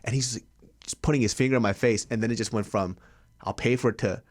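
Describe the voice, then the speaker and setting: A man co-hosting a podcast, telling a story in a casual, profane way, with sudden loud outbursts. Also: on the low side, fast. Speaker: podcast co-host.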